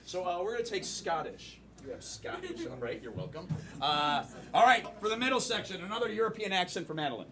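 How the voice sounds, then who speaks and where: High-pitched man hosting live improv. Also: lively intonation, brisk, crowd noise. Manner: emphatic, playful announcing. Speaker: improv show host. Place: comedy theater stage. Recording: distant mic, loud audience.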